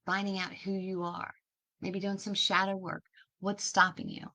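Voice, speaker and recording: Woman host, casual inspirational monologue, warm-hearted pep talk, chatty with questions. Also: mid-range voice, little pitch movement, normal speed. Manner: chatty, encouraging, asks many questions; laughs easily, restarts words.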